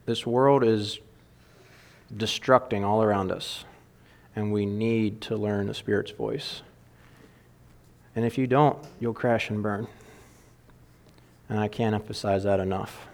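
Earnest low-voiced man talking plainly. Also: fairly even intonation, slow pace, creaky, pauses often. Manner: earnest, with fillers. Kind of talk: casual direct address.

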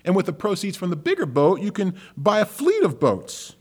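A man voicing a pushy American businessman in a sermon story, speaking high and loud. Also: huge pitch swings, moderate pace, exaggerated voice.

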